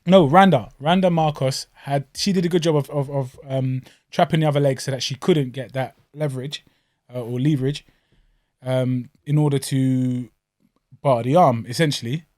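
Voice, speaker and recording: A man co-hosting a podcast, bantering about fights in slangy, animated talk. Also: medium pitch, normal speed, no echo, clean studio sound. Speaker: podcast co-host.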